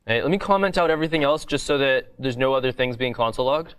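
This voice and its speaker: A man's voice: mid-range voice, expressive, fast, a bit bright, clear, resonant tone. A man teaching a coding bootcamp lecture in a classroom, explaining step by step in a casual way and often asking "right?".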